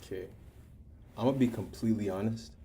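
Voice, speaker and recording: A man's voice: lowish voice, fast, warm tone, a little hiss or hum. A teenage guy in casual chat, talking candidly and rambling with frequent restarts. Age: teens.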